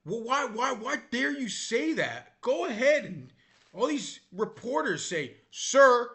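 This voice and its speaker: A man with a high, lively voice rants bluntly, his tone bright and pointed. He talks in exasperated commentary, swinging up and down as he goes. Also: a little slow. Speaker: vlogger. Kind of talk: ranting commentary.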